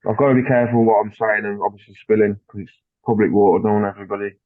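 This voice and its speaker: A man guest on a podcast, telling a story in casual chat, animated and swearing, acting out what people said. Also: fairly low pitch, racing, dry recording. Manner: animated, swears, acts out dialogue. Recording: dry tinny phone-like line.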